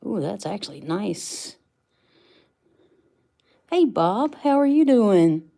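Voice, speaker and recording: A woman's voice: mid-range voice, sing-song, slow, gravelly, mellow. A woman, chatting casually with viewers on a livestream while unboxing rocks. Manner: chatty, greets viewers by name, laughs easily.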